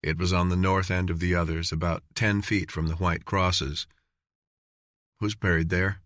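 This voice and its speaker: A man narrating an audiobook in an even, measured reading. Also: sits low, no echo, studio quality. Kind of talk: scripted narration.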